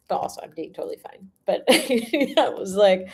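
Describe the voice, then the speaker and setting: A woman's voice: mid-range voice, expressive, moderate pace, few pauses, breathy edge. A young woman reading tarot on a livestream in casual chat, laughing often and swearing freely. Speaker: tarot reader.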